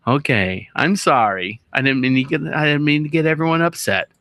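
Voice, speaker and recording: Male talk-show host, bright tense voice, rambling self-interrupting monologue. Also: fairly high pitch, brisk. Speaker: podcast host. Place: radio studio.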